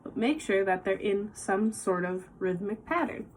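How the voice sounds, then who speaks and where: A woman's voice: mid-range voice, animated, moderate pace, background noise. A woman giving a casual songwriting lesson, patiently explaining and counting beats aloud, with guitar playing behind her. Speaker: music teacher.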